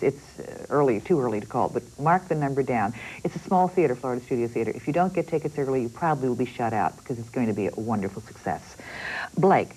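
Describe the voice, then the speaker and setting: A woman's voice: rumbling low, mellow, slightly rough, rough recording. A woman host interviewing guests in a TV studio, chatty, often repeating words as she steers the conversation. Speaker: TV talk show host. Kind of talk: casual TV interview.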